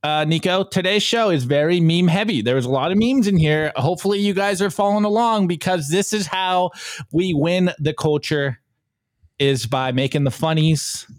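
A man hosting a podcast meme review in casual chat, joking and hyped with quick asides. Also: a little high, no room sound. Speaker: podcast host.

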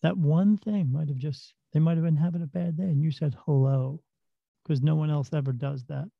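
A man's voice: on the high side, steady tone, normal speed, gravelly, no echo, lo-fi sound. A man talking casually and earnestly, telling a story from his work and giving plain-spoken advice with the odd swear word.

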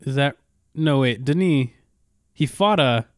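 A man's voice: medium pitch, animated, measured pace, no room sound, studio quality. A young man co-hosting a casual podcast, agreeing a lot and checking plot details as he recaps a cartoon episode. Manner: agreeable, many "yeah"s, checks details, trails off. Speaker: podcast co-host.

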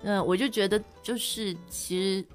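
A woman's voice: mid-range voice, steady tone, normal speed, faint music behind. A woman from China hosting a casual chat, switching between Mandarin and English, with a Chinese accent. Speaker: podcast host.

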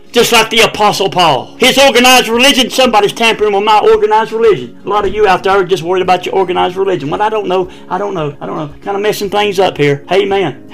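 Man, high bright voice, fervent preacher, loud cries and hushed asides. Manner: fervent, swings from loud cries to low murmurs. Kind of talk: sermon.

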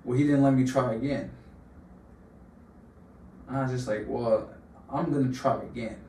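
A man's voice: mid-range voice, steady tone, measured pace, darkish tone. A young man in casual podcast chat, telling long fired-up stories full of slang. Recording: roomy room, distant mic, faint hum.

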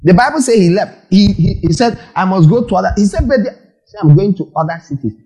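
Man, pastor, sermon, questioning the crowd, warm tone. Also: high voice, fast talker, rough recording. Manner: lively preaching with questions and acted-out quotes.

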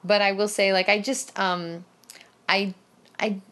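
A woman's voice: mid-range voice, little pitch movement, a little slow, fairly bright tone. A woman co-hosting a podcast in casual chat, rambling and full of fillers. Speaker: podcast co-host.

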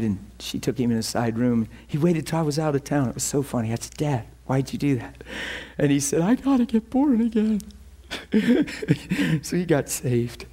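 A male pastor delivering a sermon, telling a personal story with frequent laughter and voicing quoted people. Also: mid-range voice. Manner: animated, laughs often, voices quoted people.

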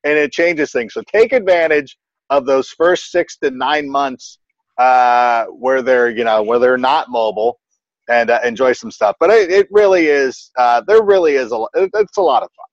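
A man's voice: medium pitch, normal speed, no room sound, highs cut off. A man in his thirties chatting casually in an interview about parenting, acting out quotes and leaning on "like" as a filler. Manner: animated storyteller who acts out quotes, many "like" fillers. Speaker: guest parent giving advice.

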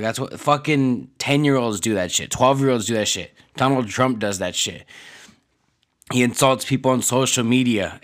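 A man's voice: mid-range voice, a bit bright. A man ranting casually on a podcast, swearing constantly and rambling with lots of filler words. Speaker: podcast host.

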